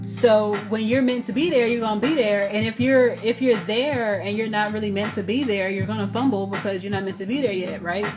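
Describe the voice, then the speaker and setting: A woman's voice: mid-range voice, a little fast, few pauses. A woman with a Southern US accent giving a loose, conversational tarot reading, full of fillers and restarts. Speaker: tarot reader. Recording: music playing under voice.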